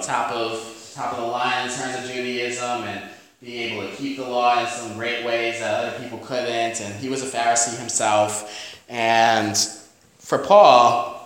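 A man's voice: medium pitch, fairly bright tone. A man with a New York accent preaching a sermon in a conversational way, with frequent "you know" and calls of "amen?". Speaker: pastor. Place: church. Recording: very echoey church hall.

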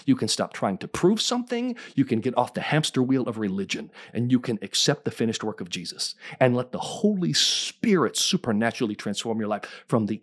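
A man preaching a sermon as pastor, fervent and emphatic, often rising in pitch and throwing questions to the congregation. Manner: fervent preaching, rising to near-shouts, call-and-response questions.

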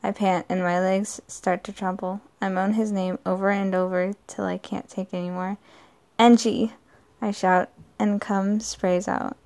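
Creaky-voiced woman reading a story. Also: mid-range voice, little pitch movement, normal speed, a little mellow. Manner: plain reading with frequent slips and restarts. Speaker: story reader. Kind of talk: first-person story narration.

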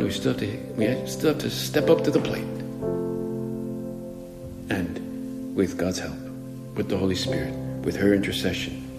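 Low, gravelly-voiced priest in an echoey hall. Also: male voice, a little mellow. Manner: conversational, musing, with frequent restarts. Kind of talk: spoken meditation homily. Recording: echoey hall reverb, faint music.

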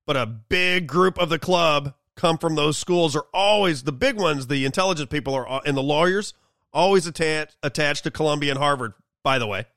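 Sarcastic guy hosting a political show, bright sharp tone. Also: fairly high pitch, normal speed, no room sound. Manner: sarcastic, mocking. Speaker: host. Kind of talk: political commentary monologue.

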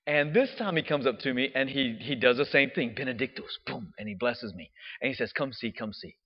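A man, a diocesan priest, telling a personal story in a chatty, animated way with casual fillers. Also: medium pitch, a little fast. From United States. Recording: dull audio with long hall reverb.

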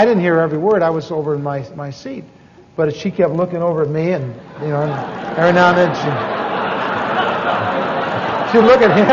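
In a high voice with background noise, a preacher teaching on evangelism relates a story during his sermon. He's folksy and pokes fun at himself, frequently going off on asides and restarting, and the recording is dull with long hall reverb.

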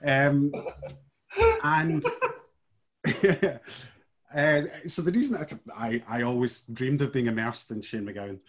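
A man, from the west of Scotland, chatting as a podcast guest, hesitant and halting with frequent laughs. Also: medium pitch, a bit bright. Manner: hesitant, many fillers and restarts, laughs easily. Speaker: guest curator. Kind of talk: casual chat.

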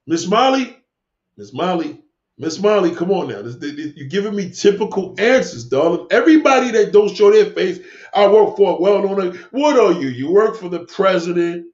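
A man with a high voice hosts a livestream and lectures his chat in a combative, preachy rant, cursing freely and repeating himself. His voice rings in an echoey room, and the recording is dull and lo-fi. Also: very animated, normal speed. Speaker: livestream host answering chat. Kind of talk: live-stream rant.

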